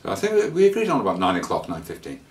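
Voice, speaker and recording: A man with a fairly low voice talks through a travel story in a loose, rambling way, stopping often on fillers and restarting his sentences. He sits a little back from the microphone, so his voice sounds somewhat distant. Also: huge pitch swings, fast talker, slight background noise. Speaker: traveller sharing scam warnings. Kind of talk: casual spoken anecdote.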